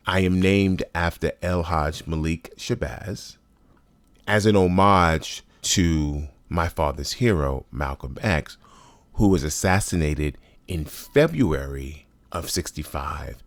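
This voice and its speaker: Deep-voiced man in his sixties telling a story. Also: animated, slow, no room sound. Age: 60s. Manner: conversational, emphatic, wry and blunt. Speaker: storyteller host. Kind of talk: personal storytelling monologue.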